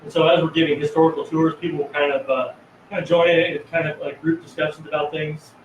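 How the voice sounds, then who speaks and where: A man talks fast in a casual live-stream chat, rambling and restarting his sentences. His voice sits a bit high for a man. He sounds distant and echoey, with a dull, muffled tone. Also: little pitch movement, a little hiss or hum. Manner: rambling, many fillers and restarts. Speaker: haunted house co-owner. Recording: echoey room, far from mic, dull sound.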